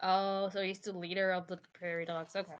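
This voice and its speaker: A woman's voice: mid-range voice, flat delivery, brisk, smooth, dull audio. A woman playing a tabletop game, teasing the others in casual chat. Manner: teasing, playful. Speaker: player.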